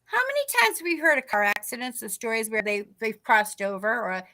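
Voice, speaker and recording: A woman's voice: fairly high pitch, very animated, fairly quick, sharp tone. A middle-aged woman telling a ghost story on a podcast in casual talk, acting out the people she quotes. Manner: acts out quoted people in dialogue. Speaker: guest telling a paranormal story.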